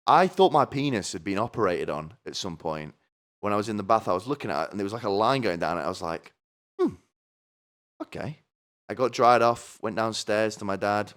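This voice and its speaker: Crude sardonic man, smooth low voice. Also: lively intonation, fairly quick, fairly bright tone. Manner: crude, sardonic, swears a lot; asks the listener "right?" again and again. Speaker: podcast host. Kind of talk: comedic rant.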